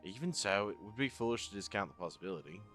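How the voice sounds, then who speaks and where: A man's voice: on the low side, lively intonation, fast, fairly bright tone, soft background music. A man voicing a stern, formal male naval commodore in a fantasy game, reading dialogue aloud.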